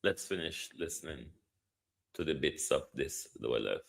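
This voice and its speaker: A man's voice: very deep voice, expressive, moderate pace, creaky. A Jamaican man hosting a commentary show, making impassioned appeals to the government and answering listeners. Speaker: host.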